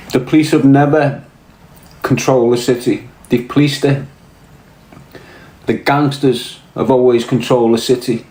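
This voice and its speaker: A man's voice: mid-range voice, a little mellow. Blunt sweary Scouse man ranting. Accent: Liverpool (Scouse). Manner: blunt, heavy swearing, fired-up. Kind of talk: casual rant. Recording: roomy echo.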